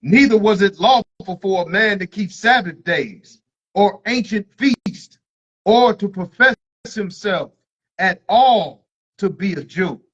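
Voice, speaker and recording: Guy with a really high voice, preachy and emphatic, keeps asking if you get it, lo-fi muffled audio. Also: expressive, takes it slowly, a bit bright, husky. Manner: emphatic, repeats "you understand?". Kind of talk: preachy discussion. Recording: dull lo-fi recording.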